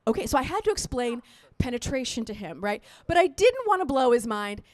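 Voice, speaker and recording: A woman's voice: high-pitched, a little fast, no echo. A woman in her thirties performing a crude, chatty stand-up comedy set, checking in with the crowd again and again. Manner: animated, chatty, crude storytelling with frequent "right?" and "you know what I mean?". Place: live comedy show at a resort.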